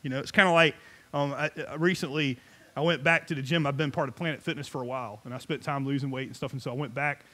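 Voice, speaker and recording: A middle-aged man preaching a sermon in an animated, joking, conversational way. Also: medium pitch, fast talker. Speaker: pastor.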